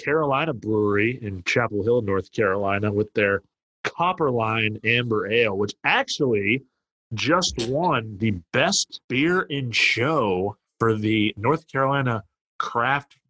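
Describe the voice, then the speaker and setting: A man's voice: medium pitch, animated, unhurried, sharp tone, a little hiss or hum. A man co-hosting a casual beer podcast, reading tasting notes and making wry, sarcastic asides. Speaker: podcast co-host.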